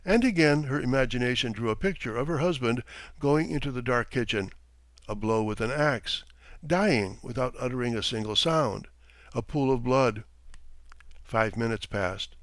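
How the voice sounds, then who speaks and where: A man narrates a classic short story as an audiobook, reading aloud in an expressive, measured way. His voice is medium-pitched and the recording has no echo.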